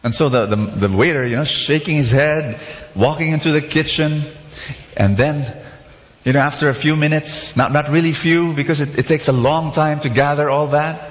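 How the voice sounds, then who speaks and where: A male preacher giving an animated sermon, leading his audience in call-and-response and repeating key phrases. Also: on the high side, moderate pace. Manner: animated, repetitive, prompts audience. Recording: echoey hall, faint noise.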